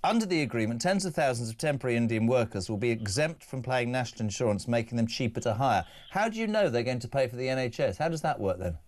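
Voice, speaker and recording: Brisk, jokey middle-aged radio host. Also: male voice, medium pitch, animated, a little mellow. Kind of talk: live talk radio, reading texts and taking calls.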